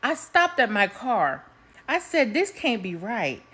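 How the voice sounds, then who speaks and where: A woman telling a story in a casual vlog at home, animated and comic, swearing freely. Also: a little high, takes it slowly, husky.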